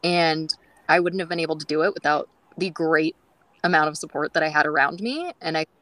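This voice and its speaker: Bright-voiced woman telling chatty stories. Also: low voice, brisk, dry recording, low-quality recording. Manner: chatty, many "like" fillers, acts out quoted dialogue. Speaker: guest groomer. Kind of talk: casual storytelling interview.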